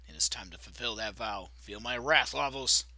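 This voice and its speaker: A man voicing a brooding, vengeful male sorcerer for a video game playthrough, dropping into a low, slow, solemn delivery. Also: bright, forceful tone, no echo. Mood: grim, vengeful.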